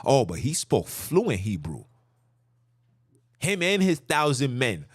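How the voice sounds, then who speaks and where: Animated preachy podcast man, lively pitch. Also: takes it slowly, slightly rough, dry recording, studio quality. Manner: animated, preachy, repeats himself for emphasis. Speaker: podcast host. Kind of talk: impassioned religious monologue.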